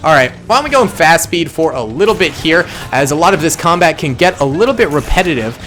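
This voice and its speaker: Man, gameplay commentator, from suburban Massachusetts, fairly high voice, chatty, thinking aloud. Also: sing-song, fairly bright tone. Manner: chatty, thinking aloud with self-corrections and quick reactions. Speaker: gaming channel host.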